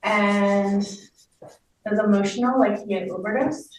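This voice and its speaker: A woman's voice: medium pitch, steady tone. Hesitant woman in an echoey room. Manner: hesitant, unsure, halting replies. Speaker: audience member. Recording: echoey room recorded from far off with faint noise.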